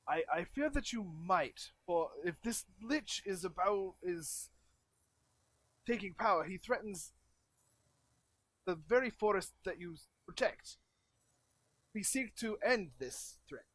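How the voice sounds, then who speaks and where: A man's voice: high-pitched, lively intonation, takes it slowly, long pauses, a bit bright, dry recording, full character voice. A man voicing a formal, earnest male druid envoy who pleads for help.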